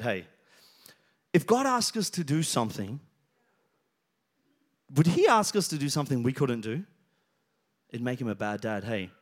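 A man, a pastor preaching a sermon, telling stories and building to loud, emphatic passages. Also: mid-range voice.

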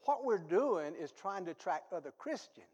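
A male pastor delivers a sermon with a lively, swooping delivery, his fairly high voice rising to loud exhortation and dropping to quiet asides. He mixes in self-deprecating humor. A long reverb from the church hall trails behind his words. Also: moderate pace, dull audio. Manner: animated, swings from low asides to loud exhortation; self-deprecating humor, reads ads aloud for laughs. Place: church sanctuary.

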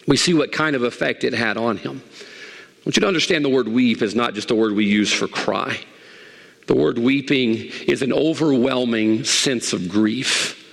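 A middle-aged man preaching a sermon as pastor, animated, swinging from loud emphatic highs to soft asides. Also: moderate pace, vocal fry. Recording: long hall reverb.

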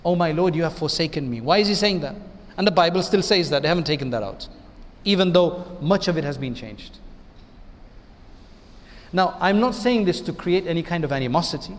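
A man's voice: on the high side, expressive, normal speed, in a large hall. A man, an imam, giving an Islamic lecture in a conversational way, often asking his listeners rhetorical questions.

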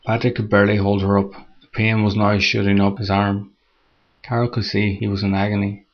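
Reading a scripted horror story steadily and at a measured pace, a man speaks with a fairly low pitch. The audio sounds dull and lo-fi.

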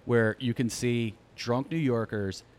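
A man's voice: medium pitch, fairly even intonation, measured pace, a little mellow, slight background noise. A man co-hosting a casual chat, rambling with fillers and restarts. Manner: rambling, many fillers and restarts, puts on voices for jokes. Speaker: podcast co-host.

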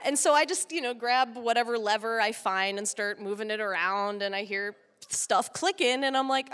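A woman from Texas telling a comic story live, animated and laughing often. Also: mid-range voice, moderate pace, hardly any pauses. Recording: long hall reverb.

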